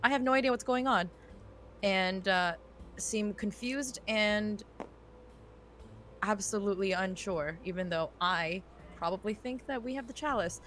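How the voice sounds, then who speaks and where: A woman's voice: mid-range voice, measured pace, fairly bright tone, slight background noise. A woman playing a tabletop game, speaking hesitantly as she thinks aloud. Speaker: player. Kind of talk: casual chat.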